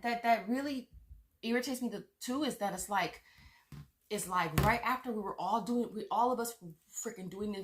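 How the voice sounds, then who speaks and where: A woman's voice: medium pitch, a little hiss or hum. A woman vlogger furiously ranting to her viewers, swearing, stammering and repeating herself. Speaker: vlogger on money-saving apps. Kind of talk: angry rant to viewers.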